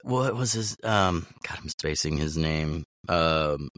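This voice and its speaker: A man's voice: a bass voice, expressive, slow, fairly bright tone, no room sound, studio quality. A man who works as a voice actor, a guest in a casual chat, ranting bluntly with sardonic, profane jokes.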